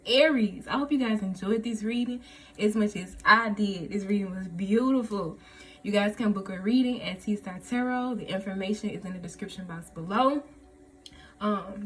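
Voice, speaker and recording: A woman's voice: medium pitch, husky. A woman giving a casual tarot reading to her viewers, effusive and emotional, often checking in with "okay?" and "y'all". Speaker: tarot reader.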